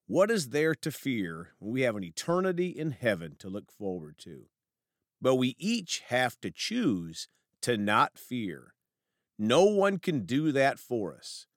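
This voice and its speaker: An earnest male preacher delivers a sermon, his voice rising and falling with lively movement as he prays and reads scripture. The sound is dry and close, with no room around it. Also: mid-range voice, a little slow, dry recording. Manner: earnest, prayerful, reads verses aloud.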